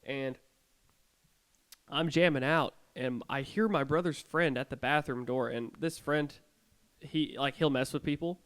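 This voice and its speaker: A young man co-hosting a podcast, telling his ghost stories in an animated way with sarcastic jokes. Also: mid-range voice, measured pace. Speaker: podcast co-host.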